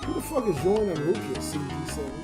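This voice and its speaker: A man's voice: a little high, sing-song, fast. A drunk man streaming live and talking to his chat in a rambling, profane, emotional way. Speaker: livestreamer and comedian. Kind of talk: emotional livestream talk to chat. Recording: roomy room with music playing.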